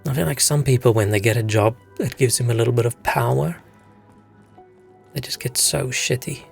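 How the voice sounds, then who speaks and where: A young man with a gravelly edge rambles through a story between game moments, dropping swear words. His voice sits at an ordinary middle pitch, and soft game music plays underneath. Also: moderate pace. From South Africa. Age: young adult. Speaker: game streamer. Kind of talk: casual chat while gaming.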